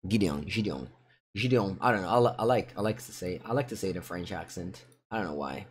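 Italian-accented streamer, live card game commentary, mostly mumbled asides broken by loud excited yelps. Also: male voice, sits low, fast, a little hiss or hum. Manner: muttering thoughts aloud, with sudden excited outbursts.

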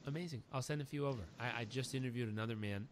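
A man's voice: mid-range voice, very fast. A man hosting an interview podcast, talking in an earnest, emotional way and telling stories with feeling. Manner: emotional, earnest, animated storyteller. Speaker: podcast host. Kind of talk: warm conversational interview.

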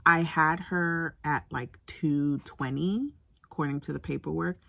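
A young woman talks straight to her audience in a low voice with a gravelly edge. Her telling is candid and emotional, pausing and restarting as she goes. The sound is close and dry, with no room around it. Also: steady tone, sharp tone, no echo. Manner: candid, emotional, halting recounting. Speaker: vlogger. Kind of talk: personal storytelling to camera.

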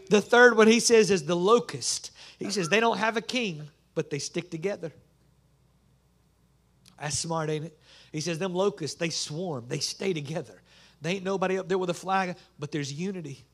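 A man's voice: high voice, moderate pace. A man, a pastor preaching a folksy sermon in a small church. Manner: folksy Southern preaching, rising to fervent shouts.

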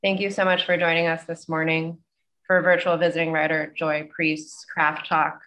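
A woman's voice: deep voice, level tone, moderate pace, a bit bright, poor audio. A woman facilitator reading a polite, earnest introduction of a guest speaker over a video call. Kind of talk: scripted introduction.

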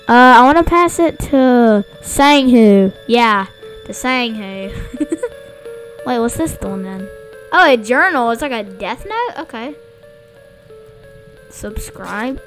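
High-voiced excitable girl gaming. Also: slow, long pauses, soft background music. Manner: excitable, blunt, jokey. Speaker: gamer. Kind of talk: gameplay commentary.

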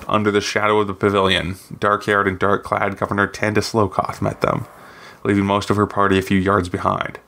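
A man's voice: on the low side, monotone, brisk, vocal fry, pushed and bright. A man reading aloud from his own fantasy novel, with occasional slips and restarts. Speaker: guest reader, author.

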